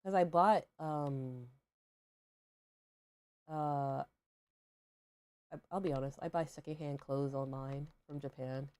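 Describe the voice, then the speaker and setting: A woman's voice: deep voice, fairly even intonation, takes it slowly, pauses often, a little mellow. A young adult woman hosting a game livestream, chatting casually in a rambling way, full of fillers and questions to herself. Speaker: livestream host. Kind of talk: casual chat while gaming.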